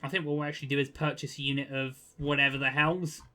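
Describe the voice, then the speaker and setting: A young man giving casual gameplay commentary, chatty and quick to get exasperated, with jokey asides. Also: mid-range voice, little pitch movement, sharp tone. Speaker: gaming video creator.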